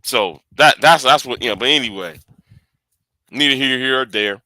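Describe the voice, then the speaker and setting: A man giving casual political commentary on a call, halting and restarting his sentences often. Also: mid-range voice, sharp tone, no room sound. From United States. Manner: halting, many repeats and restarts.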